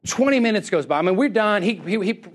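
A man preaching through a story, animated and acting out both sides of each conversation, laughing often as he tells it. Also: high voice, quick pace. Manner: laughs often while telling. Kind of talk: storytelling sermon.

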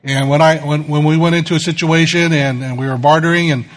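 A man's voice: fairly high pitch, fairly even intonation, quick pace. A middle-aged male pastor giving a sermon, telling self-deprecating stories in a conversational way.

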